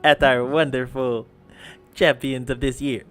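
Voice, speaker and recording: A pompous middle-aged king with a slow, booming delivery, speaking with grand formality to a huge crowd, as a game master puts him on. His pitch sits in the middle range, and faint music plays behind him. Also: level tone, lightly acted.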